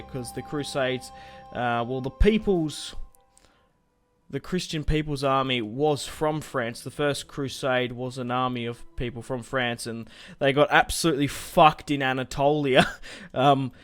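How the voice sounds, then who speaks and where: Young man, casual gaming commentary, mid-pitched, rambling and self-mocking, faint music behind. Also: fairly bright tone. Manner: chatty and rambling, swears casually, laughs at himself. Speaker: gaming YouTuber.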